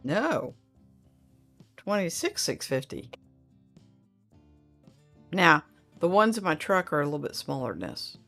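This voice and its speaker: A woman's voice: deep voice, sing-song, measured pace, long pauses, fairly bright tone, soft background music. A middle-aged woman, hosting a casual livestream chat and reading viewer comments aloud in a rambling, friendly way. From Oklahoma.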